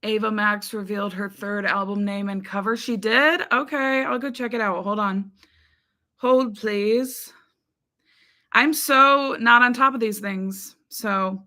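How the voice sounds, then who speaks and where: A woman's voice: medium pitch, fairly even intonation, unhurried, sharp tone. A woman from the United States hosting a casual live stream, chatting loosely with viewers and greeting them by name, with frequent ums. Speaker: livestream host. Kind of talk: casual live chat reading comments.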